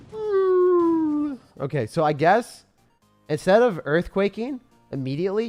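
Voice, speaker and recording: A gaming creator with a mid-range voice narrates his own gameplay with excited, self-mocking commentary. Gamer slang fills his talk as he swings between hype and groans.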